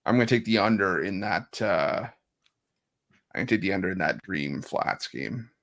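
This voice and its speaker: A man with a gravelly, low voice reads out his sports picks. He teases his co-hosts and cracks jokes, trips over his words at times, and keeps a casual betting-show tone. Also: animated, moderate pace, fairly bright tone. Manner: teasing, joking banter with restarts.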